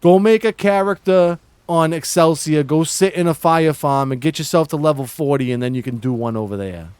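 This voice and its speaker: A man's voice: on the high side, moderate pace, darkish tone, smooth, no echo. Streamer type, male, hams up a fake Boston-New York accent, jokey with chat, clean dry home-mic sound. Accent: exaggerated put-on Boston-New York. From Massachusetts. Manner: joking, playfully ribbing chat. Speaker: livestreamer. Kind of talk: casual livestream chat.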